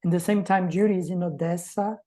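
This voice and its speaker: A woman's voice: on the low side, steady tone, brisk, warm tone, rough recording. A woman giving an academic presentation to a reading group, speaking reflectively and posing rhetorical questions.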